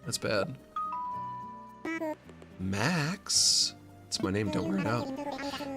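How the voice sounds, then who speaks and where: A man streaming a video game, tossing out sarcastic, deadpan asides. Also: lowish voice, extremely slow, long pauses, music in the background. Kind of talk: casual game commentary.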